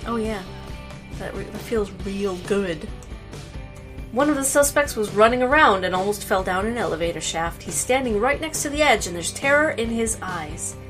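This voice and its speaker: A woman co-hosting a let's play, chatting casually and reading game text aloud in a playful, deadpan way. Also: mid-range voice, normal speed, over music, low-quality recording.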